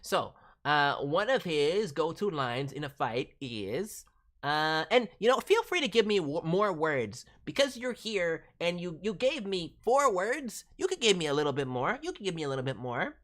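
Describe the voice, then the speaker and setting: A woman's voice: on the low side, big pitch swings, moderate pace. A woman streamer chatting casually and playfully with her viewers, teasing and joking as she talks. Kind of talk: casual live-stream chat.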